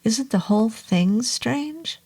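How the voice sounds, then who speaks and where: A possessed young woman in a horror tale, slurring her words in a raised, eerie voice, as a woman reads her. It is husky and slow. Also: a little high, expressive, a little mellow, pitched above the performer's own voice, heavily acted.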